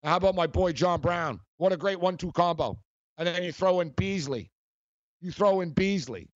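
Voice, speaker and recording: A man's voice: high-pitched, moderate pace, no echo, lo-fi sound. A man hosting a sports talk show, ranting in a heated, mocking way and often repeating himself.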